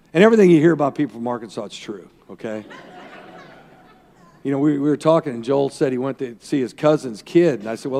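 A man preaches as a pastor in a folksy, rambling way, breaking off for asides to his listeners. His voice sits at a middle pitch. A long reverb from the hall trails behind his words. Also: a little mellow. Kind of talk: sermon.

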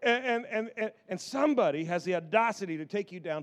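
A man preaching a sermon in an animated, repetitive style that builds in emphasis. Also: high voice, quick pace, few pauses.

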